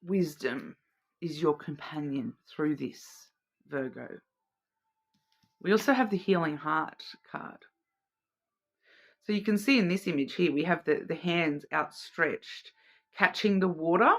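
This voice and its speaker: A woman's voice: low voice, a little slow, long pauses. A woman giving a weekly oracle card reading as host, musing aloud, repeating words as she searches for meaning, and checking in with the listener. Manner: addresses the listener directly, checking in with "okay?". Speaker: card reader.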